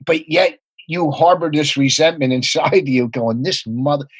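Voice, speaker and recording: A man telling rapid, profane comedy anecdotes in a casual podcast chat. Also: on the high side, husky, dry recording, low-quality recording. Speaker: comedian guest.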